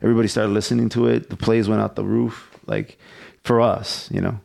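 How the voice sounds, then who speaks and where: Here a podcast host tells a story in relaxed conversation, rambling, cursing freely and laughing as he goes. He speaks fairly quickly in a lowish, creaky, slightly mellow voice with fairly even intonation.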